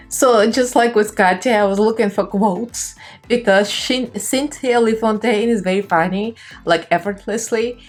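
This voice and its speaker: A woman's voice: medium pitch, unhurried, soft background music. A young woman with a Russian accent chatting casually through a makeup tutorial, laughing often and talking in loose, easy phrases. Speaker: makeup vlogger.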